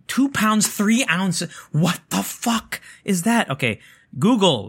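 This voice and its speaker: A man's voice: high-pitched, lively intonation, takes it slowly. A man chatting casually to viewers at home, rambling and joking, swearing freely and smoking as he talks. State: smoking while talking. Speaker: vlogger.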